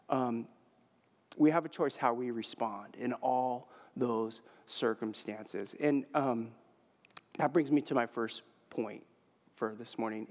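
A man in his forties preaching a sermon, telling a personal story casually, with frequent filler words. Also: mid-range voice. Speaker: pastor. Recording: long hall reverb.

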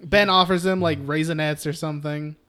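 A young man co-hosting a casual film podcast, recapping scenes, swearing freely and acting out characters in quick voices. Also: on the high side, steady tone, a bit bright, clear, resonant tone. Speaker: podcast co-host.

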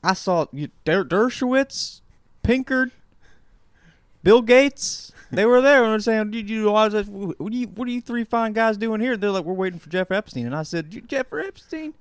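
A man's voice: high voice, lively intonation, moderate pace, smooth, dry recording. A man voicing a boastful, confused old male president who rambles and trails off mid-sentence. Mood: rambling. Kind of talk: comedic improv impression.

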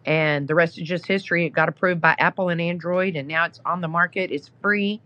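A woman's voice: fairly low pitch, fairly even intonation, fairly quick, fairly bright tone, lo-fi sound. A woman guest on a podcast, telling a story in a casual, chatty way with many fillers. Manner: chatty, lots of "you know" fillers. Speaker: podcast guest, app founder.

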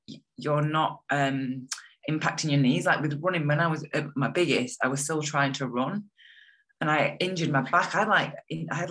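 A young woman talks in a bright, forward voice. She is chatty and enthusiastic, leaning on fillers as she speaks in a casual interview. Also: low-pitched. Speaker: guest.

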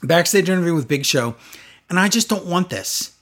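A man's voice: sits high, animated, moderate pace, a bit bright. A man in casual chat, reviewing a wrestling show with sarcastic, exasperated commentary.

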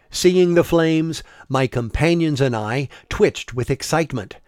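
A man narrating a travel story in a measured, wry scripted style. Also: on the high side, a little mellow, dry recording, clean studio sound.

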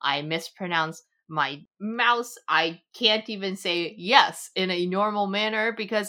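Bright playful woman co-host. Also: medium pitch, a little slow, few pauses. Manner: playful, self-mocking. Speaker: podcast co-host. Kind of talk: casual podcast chat.

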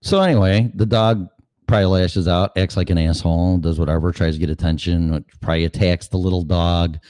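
Deep-voiced, profane man rambling casually. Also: fairly even intonation, brisk, darkish tone, no room sound. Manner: profane, conversational, asks rhetorical questions. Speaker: show host.

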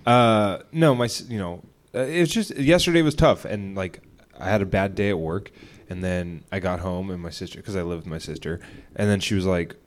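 A man's voice: low voice, fairly quick. A young man co-hosting a podcast, talking casually and rambling, swearing often as he retells a spat at home. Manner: rambling, profane, retells arguments with quoted voices. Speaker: podcast co-host. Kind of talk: casual chat.

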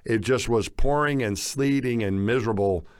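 A man casually recounting an outdoor expedition in conversation, animated and jumping up in pitch when acting out what others said. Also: moderate pace, clean tone, no echo, clean studio sound. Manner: animated, acts out quotes with big pitch jumps. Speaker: guest recounting expedition stories.

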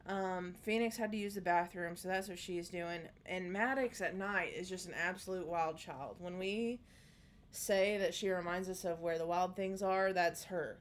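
A woman co-host tells a family story in a casual, animated way. She acts out every line of dialogue as she goes. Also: on the low side, moderate pace. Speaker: podcast co-host.

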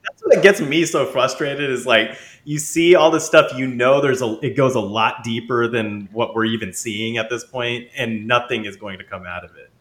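A man's voice: mid-range voice, moderate pace, few pauses, a bit bright. A man hosting a podcast in a casual group chat, talking loosely with many fillers. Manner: laid-back, many fillers. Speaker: podcast host.

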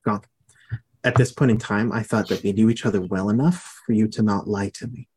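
A man doing a soft-spoken menacing death champion. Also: on the low side, fairly even intonation, slight background noise, pitched below the performer's own voice, close to an everyday voice. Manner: slow, quiet and threatening.

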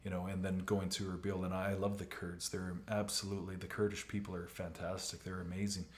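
A man from Canada hosting a casual talk, telling stories with animated energy, swearing and laughing along the way. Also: low voice, a little fast, echoey room. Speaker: podcast host. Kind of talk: casual conversation.

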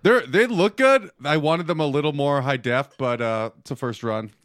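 A man's voice: on the high side, normal speed, fairly bright tone, no echo. A man co-hosting a podcast in casual chat, teasing and joking in banter. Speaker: podcast co-host.

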